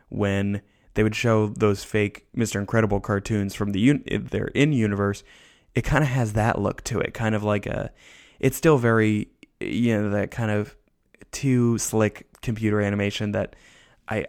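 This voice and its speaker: A man talks through a casual podcast review in a lowish voice with plenty of vocal fry. He sounds tired and rambles loosely, often making fun of himself. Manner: rambling, loose and self-deprecating. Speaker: podcast host.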